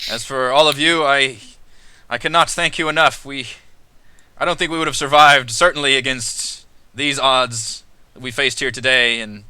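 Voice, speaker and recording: A man's voice: mid-range voice, bright, forceful tone, clear, resonant tone, no echo, pitched above the performer's own voice. A man voicing a weary, formal fort captain woman. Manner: measured, formal and apologetic.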